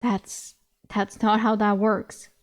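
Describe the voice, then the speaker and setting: A woman's voice: medium pitch, flat delivery, takes it slowly, natural voice. A woman voicing an exasperated young heroine in a novel she reads aloud, firing off incredulous retorts. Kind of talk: reading a novel aloud with voices.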